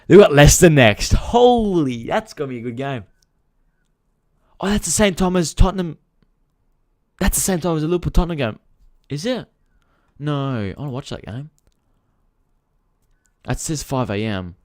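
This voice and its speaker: A man hosting a football live stream, complaining to his viewers and swearing freely as he rants. His pitch swings widely, rising and falling with each complaint. The sound is close and dry, with no room echo. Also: animated, normal speed, long pauses, a little mellow. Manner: frustrated, talks to viewers directly. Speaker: football channel host. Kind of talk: casual live-stream chat.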